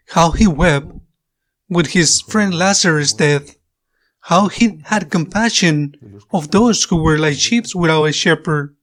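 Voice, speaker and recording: A male priest whose first language is Spanish, giving a sermon in slow, measured phrases that repeat for emphasis. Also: on the high side, fairly bright tone.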